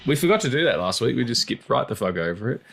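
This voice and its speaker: A man co-hosting a podcast, rambling in casual chat, swearing freely and acting out quotes in squeaky voices. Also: big pitch swings, fast talker, vocal fry, over loud music. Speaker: podcast co-host.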